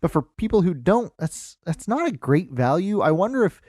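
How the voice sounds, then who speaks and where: Measured, hesitant podcast co-host man. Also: high-pitched, sing-song, darkish tone, no echo, studio quality. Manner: measured, hesitant, with many fillers. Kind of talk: casual chat about video game news.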